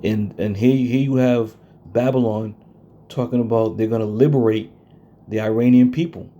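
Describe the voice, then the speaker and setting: Blunt, confrontational preacher man, dark-toned. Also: mid-range voice, fairly even intonation, lo-fi sound. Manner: confrontational, blunt, reads verses slowly and stresses them. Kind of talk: scripture-based sermon.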